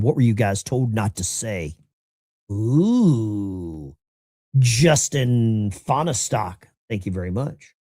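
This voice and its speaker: Lively, talkative middle-aged male host. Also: medium pitch, creaky, no echo, studio quality. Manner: animated, chatty, rambling. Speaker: call-in show host. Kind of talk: casual livestream talk.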